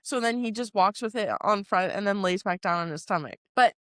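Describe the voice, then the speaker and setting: A woman's voice: medium pitch, a little fast, a bit bright, clean tone, no room sound, studio quality. A young woman from Canada in her twenties, co-hosting a casual podcast chat and telling stories with giggles and animation. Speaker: podcast co-host.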